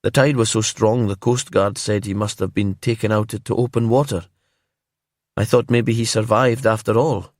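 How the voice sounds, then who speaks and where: A man voicing a brooding older woman from a remote island in a calm storybook crime tale, speaking softly and hesitantly in a lifted voice. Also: fairly low pitch, moderate pace, no room sound, studio quality, natural voice. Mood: wistful.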